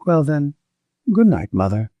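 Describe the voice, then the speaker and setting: A man's voice: a little high, very animated, measured pace, dry recording, highs cut off, pitched above the performer's own voice. Nona, a man doing an earnest young daughter. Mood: tender.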